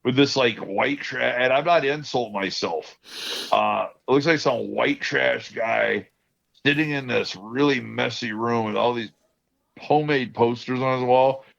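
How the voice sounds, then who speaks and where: A man's voice: medium pitch, unhurried, gravelly, a bit bright. A man telling rambling stories in casual podcast chat, laughing often. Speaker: podcast co-host. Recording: dull lo-fi sound.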